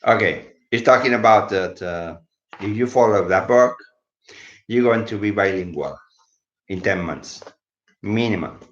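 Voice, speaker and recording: A man's voice: lowish voice, a little slow, pauses often, fairly bright tone. Sleepy man teaching English. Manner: switches between English and Spanish, explaining words. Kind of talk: casual live video lesson. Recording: echoey room, dull lo-fi sound.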